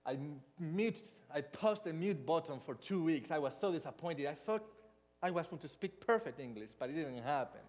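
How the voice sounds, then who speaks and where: A man's voice: on the high side, moderate pace, in a large hall. A man with a Hispanic accent preaching a storytelling sermon, acting out little dialogues. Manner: storytelling, animated with mock dialogue. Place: church hall.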